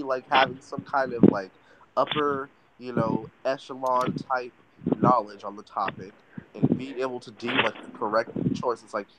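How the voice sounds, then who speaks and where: Guy on a podcast swearing a lot and rambling, mid pitch, noisy background. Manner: profane, rambling, animated retelling. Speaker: podcast co-host. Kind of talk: casual chat.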